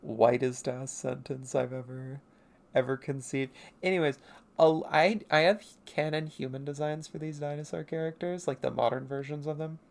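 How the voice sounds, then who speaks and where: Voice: medium pitch, fairly even intonation, normal speed, vocal fry, a little mellow. A young adult artist livestreaming, casually narrating and ribbing their own childhood comic, now and then acting out character lines. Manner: rambling, self-mocking, briefly acting out character lines.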